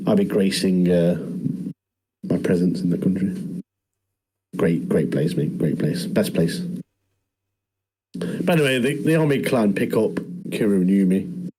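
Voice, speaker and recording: Podcast co-host, chatty, low dark husky voice. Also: male voice, measured pace, long pauses, rough recording. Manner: chatty, says "mate" constantly. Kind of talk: casual chat recapping a show.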